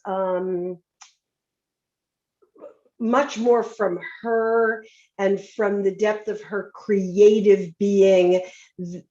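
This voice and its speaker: A woman hosting a tribute show, introducing a theater excerpt in a slow, reflective way with casual fillers. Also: mid-range voice, darkish tone, roomy sound, dull audio.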